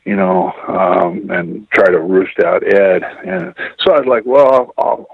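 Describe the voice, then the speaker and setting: A man's voice: sits low, big pitch swings, unhurried, creaky, breathy edge. A man telling personal stories in a rambling, profane, casual way, full of "you know"s. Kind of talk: casual storytelling. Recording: dull lo-fi radio sound.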